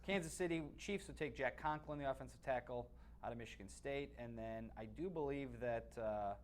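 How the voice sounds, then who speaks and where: A man's voice: medium pitch, a little fast, slight background noise. A man co-hosting a sports webcast, giving blunt opinions on football in casual talk that is full of restarts. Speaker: sports analyst co-host.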